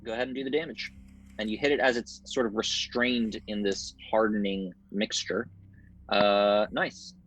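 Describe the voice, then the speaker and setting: A man's voice: lowish voice, fairly even intonation, moderate pace, a bit bright, low-quality recording. A man running a tabletop game as game master, narrating combat vividly over a video call.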